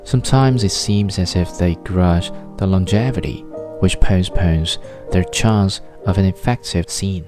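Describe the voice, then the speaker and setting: A man reads a classic novel in a steady, measured narration. His voice sits very low, and a faint bed of music plays quietly beneath him. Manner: measured, literary storytelling. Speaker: audiobook narrator. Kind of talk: scripted narration.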